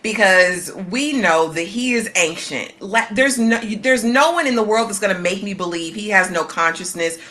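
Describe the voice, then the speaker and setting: Blunt opinionated woman with a bright voice. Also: medium pitch, animated, moderate pace, hardly any pauses. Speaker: podcast co-host. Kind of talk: casual recap chat.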